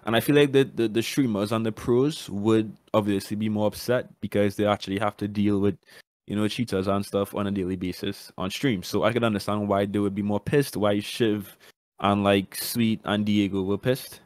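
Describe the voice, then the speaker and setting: Brief: man, podcast panelist, lowish voice, dry sound, easygoing and hedging. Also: steady tone, moderate pace, a little mellow, no room sound. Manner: hedging, repeats "I feel like", restarts often. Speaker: podcast co-host. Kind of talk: casual podcast discussion.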